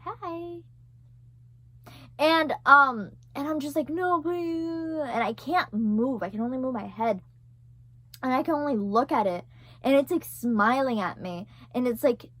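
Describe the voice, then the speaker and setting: Telling a story to camera, a young vlogger speaks in a voice on the high side, recorded with no echo. She rambles loosely, leans heavily on "like" and "right?", and drops casual swears now and again.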